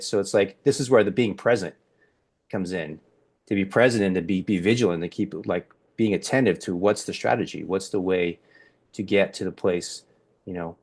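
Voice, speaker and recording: Low-voiced guy hosting a podcast, rambly, lots of you knows and restarts. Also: fairly quick. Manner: rambling, many restarts and fillers. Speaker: podcast host. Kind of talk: casual group discussion.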